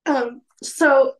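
A woman's voice: high voice, rough recording. Woman candidly recounting a painful past. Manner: candid, halting, emotional retelling. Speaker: interview guest. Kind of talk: personal storytelling.

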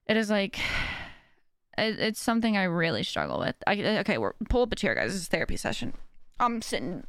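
A woman's voice: mid-range voice, no room sound, clean studio sound. A young woman hosting a podcast, talking casually and self-deprecatingly, often laughing and acting out what others said. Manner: chatty, self-deprecating, laughs often, acts out quoted voices. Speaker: podcast host. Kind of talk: casual personal chat.

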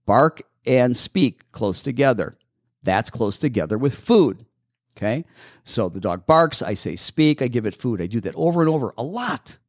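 A man's voice: mid-range voice, no room sound, clean studio sound. A man hosting a call-in pet podcast, answering listener questions about dog training with practical, step-by-step advice that he repeats patiently. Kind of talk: call-in radio show Q&A.

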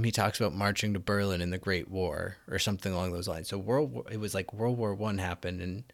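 Gravelly low-voiced man musing aloud. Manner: thinks aloud, hesitant. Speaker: podcast co-host. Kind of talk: casual chat.

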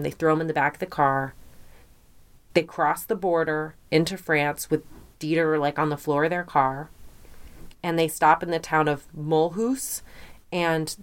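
A woman with a fairly low voice tells a true crime story in loose, casual podcast chat. She is animated, often slips into quoting people, and peppers her telling with fillers and blunt asides. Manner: lively, quotes people in voices, swears, filler-heavy.

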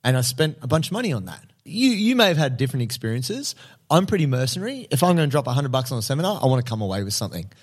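A man talking casually on a podcast. His pitch sits in the middle of the male range, and he speaks bluntly with plenty of slang and the odd curse. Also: big pitch swings, very fast, husky. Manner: blunt, slangy, swears freely. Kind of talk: casual chat.

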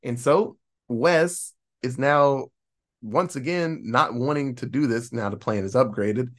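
Guy on a podcast walking thru a movie plot, animated, casual. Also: mid-range voice, measured pace. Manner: animated storytelling, acting out quoted lines. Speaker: podcast host. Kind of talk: casual film recap.

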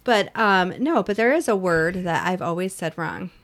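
A woman's voice: lowish voice, lively intonation, normal speed, a bit bright. Chatty middle-aged woman co-host. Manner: chatty, rambling with many restarts. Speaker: podcast co-host. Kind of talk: casual chat.

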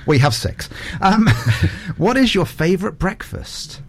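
Male radio host, chatty and playful, lively pitch, quick-fire questions. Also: breathy edge. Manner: chatty, playful, laughs often. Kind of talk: casual quick-fire interview.

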